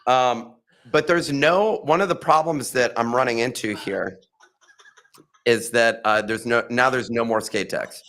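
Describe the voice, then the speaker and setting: A man's voice: mid-range voice, measured pace, fairly bright tone, slight background noise. A man co-hosting a podcast in casual chat, giving matter-of-fact updates. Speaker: podcast co-host.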